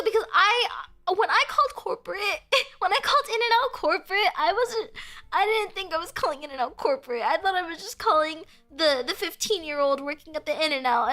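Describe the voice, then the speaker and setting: A young woman with a high, sparkling voice chats casually on stream, answering her viewers. She talks in a breezy, giggly way, with "like" in nearly every phrase. Her tone is crisp and bright. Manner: chatty and giggly, peppers speech with "like". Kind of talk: casual chat reading viewer comments.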